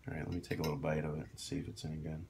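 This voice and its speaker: This doctor's cooking vlog is casual, upbeat and self-mocking, though his very deep, creaky, darkish voice comes out completely flat and very fast. He's talking meal prep at home over kitchen sizzle. The rough recording carries a little hiss or hum.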